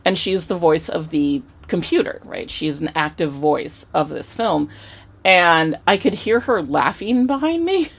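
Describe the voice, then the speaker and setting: This is a woman co-hosting a relaxed podcast, spinning an anecdote with lots of energy and the odd swear word. Her voice sits on the low side and has a gravelly, fry-edged texture. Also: a little slow, a little hiss or hum. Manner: animated, chatty, swears casually. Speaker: podcast co-host. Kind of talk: casual podcast storytelling.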